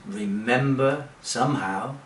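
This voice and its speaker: Man, teacher, very slow deliberate delivery, distant mic, echoey room. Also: medium pitch, a little hiss or hum. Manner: slow, deliberate, with rhetorical questions. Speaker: English teacher. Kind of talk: direct-to-camera sales pitch. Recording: roomy, from away from the mic.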